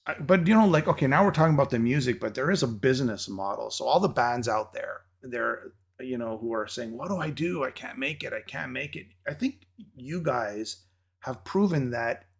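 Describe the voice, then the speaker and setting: A man hosting an interview in a casual, chatty way, joking along with his guest. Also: mid-range voice. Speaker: interview host.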